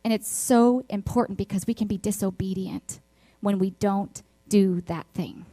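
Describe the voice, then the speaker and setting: A church speaker with a Texas accent preaches to an online congregation, earnestly sharing personal stories and using repetition for emphasis. Her middle-pitched, dark voice is dry and close, with no echo, at a moderate pace.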